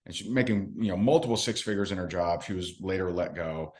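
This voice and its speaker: Brief: male sales trainer with a lowish voice, casual storyteller who jokes about himself. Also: quick pace. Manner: chatty, self-mocking, acts out quotes. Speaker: network marketing trainer.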